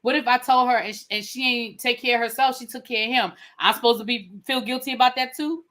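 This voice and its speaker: Bright-voiced woman with a DC accent. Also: a little high, fast. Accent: Washington DC. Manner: animated storytelling, slangy, acts out her own past remarks. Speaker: podcast co-host. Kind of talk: casual chat.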